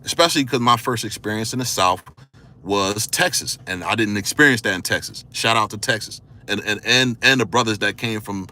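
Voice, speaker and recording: A man from the area, giving casual spoken commentary, firing off rhetorical questions in loose slangy talk, his voice swinging from a low murmur to excited high notes. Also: fairly quick. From Philadelphia area. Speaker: vlogger.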